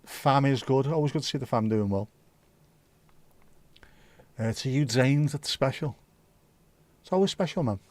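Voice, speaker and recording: A man's voice: mid-range voice, animated, a little slow, long pauses, no room sound. Blunt man hosting a live chat. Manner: blunt, opinionated, swears freely. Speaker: livestream host. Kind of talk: casual chat reading viewer comments.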